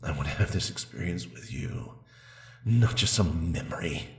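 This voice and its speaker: A man voicing a seductive male demon spirit who has taken over a man's body, speaking in a slow, low, intimate murmur for an adult audio role-play. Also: reverberant.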